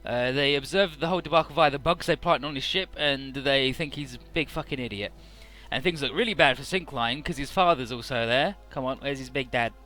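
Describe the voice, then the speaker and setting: A man's voice: medium pitch, fairly quick, sharp tone, soft background music. A man casually recapping a video game story for his let's play, chatty and full of "uh" and "he's like".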